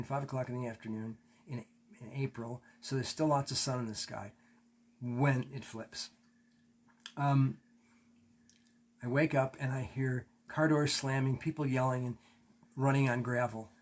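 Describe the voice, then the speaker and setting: A man's voice: medium pitch, fairly even intonation, normal speed. A man teaching a class, telling a personal story candidly, swearing and acting out what he said back then. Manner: candid, swearing, acts out his own quotes. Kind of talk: storytelling in a lecture.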